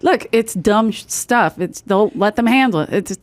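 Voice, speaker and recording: A woman's voice: medium pitch, lively intonation, moderate pace, no echo. A woman comedian guest chatting frankly and emphatically on a podcast. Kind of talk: casual comedic banter.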